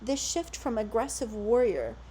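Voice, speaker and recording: A woman reading scripted documentary narration in a measured, clinical tone. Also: fairly high pitch, sing-song, noisy background.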